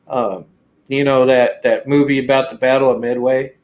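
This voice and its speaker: A man's voice: medium pitch, flat delivery, normal speed, a little mellow, highs cut off. A man hosting a casual chat, talking in a rambling way with many fillers and restarts.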